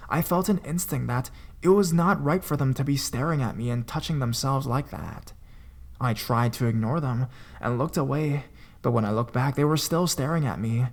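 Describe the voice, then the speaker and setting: A man reading out a first-person horror story as narrator, in a steady storytelling manner. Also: mid-range voice, gravelly.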